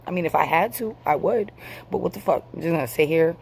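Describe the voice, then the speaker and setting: A woman's voice: low voice, fast, vocal fry, darkish tone, slight background noise. A woman in her forties venting to her camera, angry, tired and swearing freely. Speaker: vlogger.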